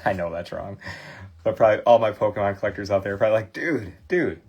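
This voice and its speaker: A Midwestern American man in his thirties hosts a card cleaning livestream, chatting loosely with viewers as he works. His voice is low, fairly even, fast and somewhat dark, and his rambling, friendly talk is full of fillers and restarts.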